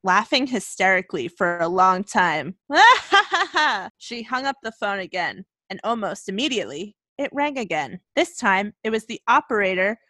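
A woman's voice: mid-range voice, lively intonation, normal speed, few pauses, bright, forceful tone, no room sound. A woman co-hosting a casual chat, reading a scary story aloud and breaking into laughter and jokes. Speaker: podcast co-host.

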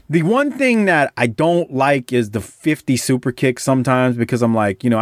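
A man hosting a podcast, talking casually in an animated, rambling way with lots of restarts. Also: fairly low pitch, no echo, clean studio sound. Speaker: podcast host. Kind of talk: casual chat.

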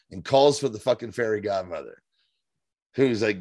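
A man co-hosting a casual podcast recap, animated and profane, reading out viewer reviews and acting out scenes. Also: medium pitch, fairly quick, slightly rough, no echo. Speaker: podcast co-host.

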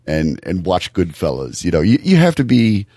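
A man co-hosting a podcast, talking things over in a thoughtful, halting way with many restarts. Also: low voice, wildly swooping pitch, warm tone, dry recording, studio quality. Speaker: podcast co-host. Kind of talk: casual podcast discussion.

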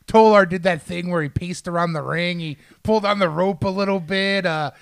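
Higher-voiced man chiming in, dry sound. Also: gravelly, smooth, no echo. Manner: quick wry interjections and filling in background detail. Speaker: podcast guest. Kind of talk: casual chat.

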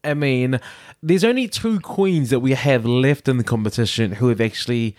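A man's voice: mid-range voice, moderate pace, darkish tone, no echo, studio quality. A man co-hosting and producing a podcast, teasing his co-host with camp put-downs in casual chat.

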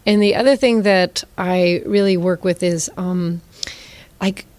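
A woman's voice: fairly low pitch, fairly even intonation, measured pace, a little mellow, dry recording. Candid woman talking in a dry interview. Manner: reflective, candid, frequent fillers. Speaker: interview guest, performer and teacher. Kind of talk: casual interview talk.

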